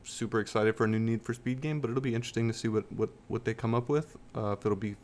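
A man co-hosts a casual gaming chat and keeps poking at the news with wry, skeptical questions. His voice sits at an ordinary mid pitch. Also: fairly even intonation, fast talker, a little mellow, a little hiss or hum. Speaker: podcast co-host.

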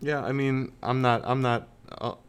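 A man co-hosts a casual gaming chat and keeps poking at the news with wry, skeptical questions. His voice sits at an ordinary mid pitch. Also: fairly even intonation, moderate pace, clear, resonant tone. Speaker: podcast co-host.

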